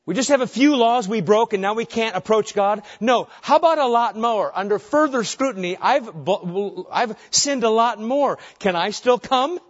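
A man's voice: high-pitched, normal speed, few pauses. A man preaching a sermon as pastor, earnest and driving his point home with short repeated phrases. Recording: dull lo-fi recording.

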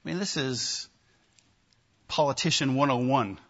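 A man preaching a sermon, emphatic and animated, with wry asides to his listeners. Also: mid-range voice, unhurried, dull audio. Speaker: pastor.

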